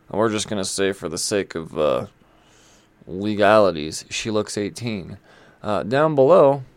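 A man's voice: lowish voice, no room sound. A man talking casually about comic books, rambling and chatty, with lots of fillers and some swearing. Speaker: comic book reviewer. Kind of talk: casual chat.

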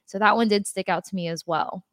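A woman co-hosting a sports podcast, talking to fans in a lively, emphatic way. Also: medium pitch, brisk, no echo, studio quality. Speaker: podcast co-host. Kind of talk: casual sports chat.

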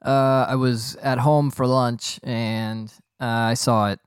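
A man's voice: medium pitch, level tone, slow, clean tone, dry recording, clean studio sound. A young man hosting a podcast, rambling and joking in a boastful, casual way. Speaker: podcast host.

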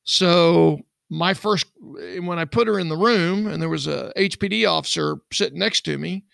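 A man's voice: high-pitched, moderate pace, gravelly, fairly bright tone, no room sound, clean studio sound. A middle-aged man, a podcast co-host and former investigator, telling a true-crime story in a rambling way and acting out the dialogue. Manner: rambling, acts out quoted dialogue.

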